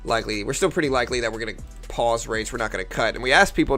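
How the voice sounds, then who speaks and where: Speaking fast with hardly any pauses, this medium-pitched day-trading streamer from the New Orleans area has a faint Louisiana accent. He's relaxed and casual, thinking out loud and replying to chat while faint music plays behind him.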